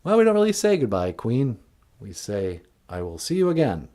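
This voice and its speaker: A man's voice: mid-range voice, huge pitch swings, moderate pace, dark tone. A man voicing a chatty puppet with a thick accent. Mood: gentle. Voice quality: thick put-on accent with DJ patter. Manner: upbeat radio-host delivery. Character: chatty little male puppet language teacher.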